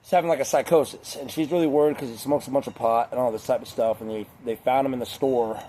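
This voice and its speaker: A man delivering a loose, rambling monologue straight to his audience. His voice is mellow and warm, and he swears freely and leans on filler words. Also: medium pitch, steady tone, fast talker, a little hiss or hum. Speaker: vlogger. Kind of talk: casual monologue.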